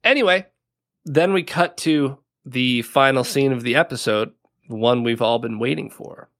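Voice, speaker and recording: A man of ordinary, mid-range pitch talks through a TV episode on a casual podcast. He is chatty and loose, peppering his recap with "like" and breaking into laughter now and then. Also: moderate pace, fairly bright tone. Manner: chatty, laughs often, leans on "like" a lot. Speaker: podcast co-host.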